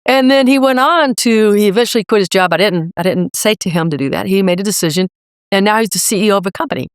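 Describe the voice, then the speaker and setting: Middle-aged woman coach, punchy motivational talk, smooth voice, dry sound. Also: medium pitch, fast talker, dry recording. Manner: emphatic, energetic motivational speaker. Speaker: leadership coach and guest. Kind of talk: podcast interview.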